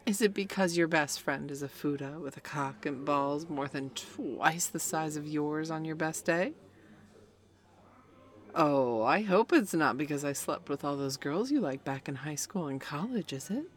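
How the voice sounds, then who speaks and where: A woman's voice: deep voice, lively intonation, measured pace. A young woman voicing a cocky, taunting female best friend in an audio role-play, talking in a smug, playful way.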